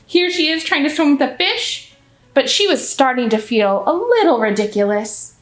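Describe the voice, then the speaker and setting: A woman reads a picture book aloud to children in an animated storytime voice, stopping to ask her listeners questions. Her voice is high and lively, rising and falling often. It rings in an echoey room with faint music in the background. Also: moderate pace, a little hiss or hum. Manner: animated, asks the audience questions. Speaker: children's librarian. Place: library.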